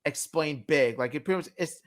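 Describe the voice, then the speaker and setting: A man's voice: fairly high pitch, fairly quick. A man co-hosting a cartoon review stream, chatting casually and giving strong opinions with plenty of fillers.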